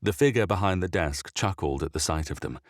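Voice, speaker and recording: A man narrating a short story in an even, measured reading style. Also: deep voice, no echo, studio quality.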